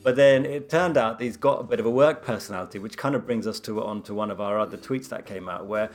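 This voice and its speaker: Fast-talking man telling a playful story. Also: on the low side. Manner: playful anecdote teller. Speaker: doctor, podcast co-host. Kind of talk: casual chat, storytelling.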